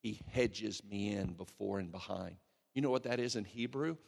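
A man's voice: lowish voice, moderate pace, vocal fry. Preaching man in a reverberant hall. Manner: animated preaching, swings between hushed and loud. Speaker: pastor. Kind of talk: sermon.

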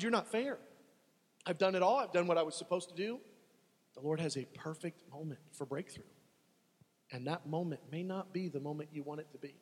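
A man's voice: high voice, a bit bright, slightly rough, in a large hall. A man preaching a sermon, dramatic and acting out desperate pleas to God as he teaches.

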